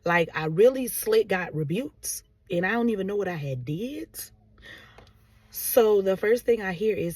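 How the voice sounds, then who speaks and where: A woman telling a casual story-time vlog in a chatty, animated, sarcastic way, full of fillers. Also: mid-range voice, measured pace, slightly rough, no room sound, distant mic. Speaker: vlogger. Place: car on the road.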